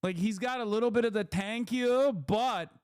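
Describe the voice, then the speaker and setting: A man's voice: high-pitched, brisk, clear, resonant tone, dry recording, studio quality. A man streaming live, reacting to clips with profane, laughing asides. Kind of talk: live commentary.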